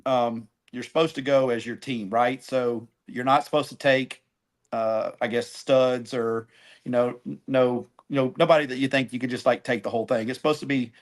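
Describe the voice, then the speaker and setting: A middle-aged man, a barbecue cook telling a story on a podcast in a casual, animated way, acting out phone calls. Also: medium pitch, moderate pace. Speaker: guest, barbecue team cook.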